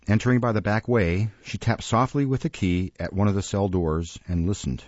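A man reading a classic novel aloud as an audiobook narrator in a measured way. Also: lowish voice, a little mellow, no room sound, muffled recording. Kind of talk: scripted narration.

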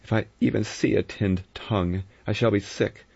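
A man's voice: steady tone, moderate pace, creaky, darkish tone. A man voicing a frightened but obstinate young Englishwoman in a raised, strained voice. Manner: high, strained feminine voice put on. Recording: dull lo-fi recording.

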